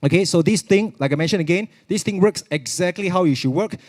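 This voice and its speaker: A fast-talking man with a high, slightly mellow voice and a Singaporean English accent runs a live product demo at a virtual expo. He chats his way through it, says things more than once, and drifts into Mandarin.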